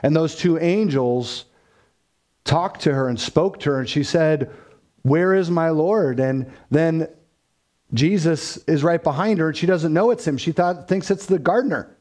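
A man's voice: fairly high pitch, normal speed, darkish tone. A man preaching a sermon as a pastor, in an earnest, pleading way.

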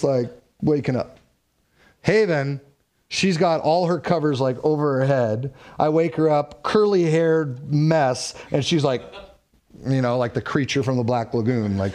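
Man preaching a lively sermon. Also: on the high side. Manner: conversational preaching with personal stories and emphatic asides. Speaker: pastor.

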